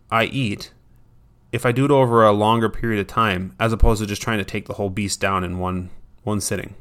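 A man's voice: mid-range voice, a bit bright. Chatty male dog trainer giving tips. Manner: chatty, self-deprecating, acts out his dog's voice. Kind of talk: casual advice talk.

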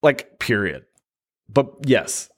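A middle-aged man co-hosting a casual podcast, trading jokes and slipping into silly voices. His pitch moves around a lot. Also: big pitch swings, takes it slowly. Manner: jokey, drifts into mock accents. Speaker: podcast co-host. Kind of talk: casual banter.

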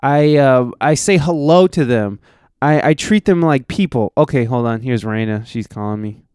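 Ranting guy with a smooth voice. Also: medium pitch, animated, normal speed, darkish tone, dry recording, studio quality. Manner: profane, ranting, full of "like" and restarts. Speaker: podcast host and touring musician. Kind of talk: casual rambling podcast monologue.

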